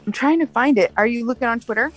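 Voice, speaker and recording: A woman with a slightly high voice talks fast in a casual chat with friends, streaming over soft background music. She's chatty and laughs often, going on in long runs and retelling conversations with quoted voices.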